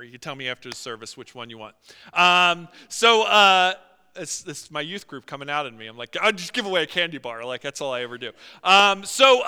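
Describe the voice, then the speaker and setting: A man preaching a sermon as pastor, animated, acting out quotes and often using fillers. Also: high-pitched, clean tone. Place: church sanctuary. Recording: long hall reverb.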